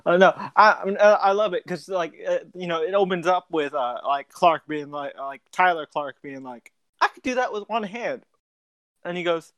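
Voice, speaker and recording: A young man co-hosting a casual podcast, rambling through quick scene recaps with quoted lines. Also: fairly high pitch, steady tone, fairly bright tone, muffled recording. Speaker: podcast co-host. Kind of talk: casual chat about a TV show.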